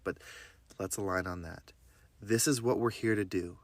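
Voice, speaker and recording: Calm low-voiced male podcast host. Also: dry recording. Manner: slow, calm, deliberate guidance. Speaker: podcast host and life coach. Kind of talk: guided breathing meditation and affirmations.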